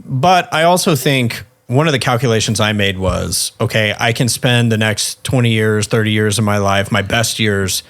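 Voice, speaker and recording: A man's voice: fairly low pitch, normal speed, few pauses, fairly bright tone. A man co-hosting a podcast in casual chat, steadily leading the talk and asking questions. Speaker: podcast co-host.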